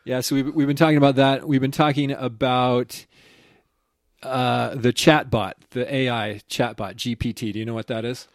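A man hosting a podcast, chatting casually, opinionated and quick to laugh. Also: mid-range voice, flat delivery, no echo, clean studio sound. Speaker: podcast host. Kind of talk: casual chat.

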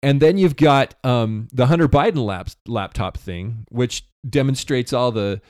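A man's voice: mid-range voice, measured pace, a little mellow, dry recording, studio quality. A man co-hosting a podcast in casual conversation, rambling with many restarts. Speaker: podcast co-host.

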